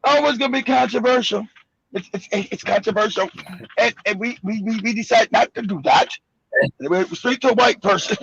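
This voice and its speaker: High-pitched gravelly man ranting bluntly. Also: moderate pace, fairly bright tone, no room sound, lo-fi sound. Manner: blunt, profane, mocking, repeats himself. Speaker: host. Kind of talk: heated commentary on news clips.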